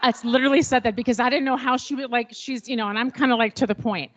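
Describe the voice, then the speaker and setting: A middle-aged woman telling a personal story at a panel, expressive and acting out remembered dialogue. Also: fairly high pitch, quick pace, dull audio. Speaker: panel speaker.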